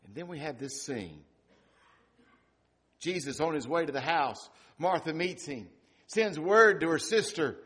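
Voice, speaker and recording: A middle-aged male pastor preaching a sermon, rising to loud emphatic peaks and dropping to quiet, hushed lines. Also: medium pitch, very animated, measured pace, long pauses, breathy edge.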